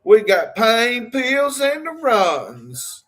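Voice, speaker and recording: A man putting on a high, drawn-out, mocking voice of a local man. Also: huge pitch swings, fairly bright tone, exaggerated voice. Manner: high, drawn-out taunting catchphrase.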